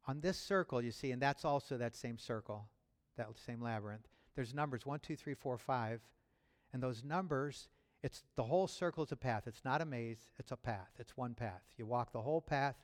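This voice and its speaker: Pastor guy preaching, chatty and personal, mid-pitched, big echoey church hall. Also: normal speed. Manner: conversational and personal, with chuckles and restarts; builds to loud, rising fervor near the end. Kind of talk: sermon. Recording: long hall reverb.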